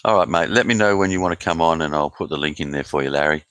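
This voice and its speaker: Laid-back Australian male streamer, very deep and forceful, dry close sound. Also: fast, clean tone, no echo. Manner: laid-back, swears freely, chats with viewers. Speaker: live stream host reading chat. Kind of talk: casual live-stream chat. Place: at home in South Australia.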